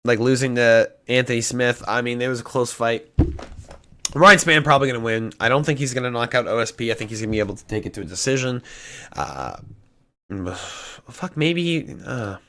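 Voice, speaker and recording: A young man casually talking through fight predictions, cursing often and changing his mind out loud. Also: mid-range voice, normal speed. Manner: indecisive, swears often, flips picks. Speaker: MMA prediction YouTuber. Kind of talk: casual solo prediction talk.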